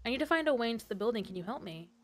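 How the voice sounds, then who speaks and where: A woman's voice: a little high, expressive, very fast, faint music behind, natural voice. A woman reading the lines of a terse male private detective in a video game, in her own voice. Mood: calm.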